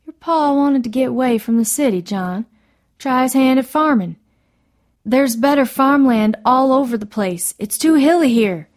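A weary country mother with a gentle, soothing way of speaking, as the woman reading puts her on. Her lines come soft and patient in this storybook reading. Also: high-pitched, lively intonation, moderate pace, voice pushed up.

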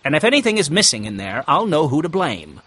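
A man voicing a suspicious grown woman in a storybook, talking in a quick, accusing way. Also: a little high, very animated, a bit bright, breathy edge, no room sound, exaggerated voice.

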